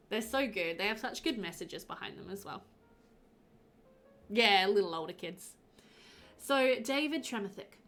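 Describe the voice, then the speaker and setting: A woman's voice: medium pitch, a bit bright. A woman streaming a game, chatting casually and giggling with her viewers. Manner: giggly, chatty, talks to chat.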